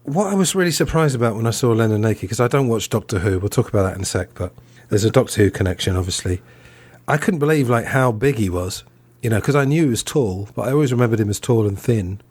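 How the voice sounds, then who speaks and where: A man's voice: medium pitch, expressive, fast talker, darkish tone, slightly rough, no room sound. A man hosting a podcast in a casual review chat, talking loosely and hedging often. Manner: chatty and loose, hedges often. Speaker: podcast host.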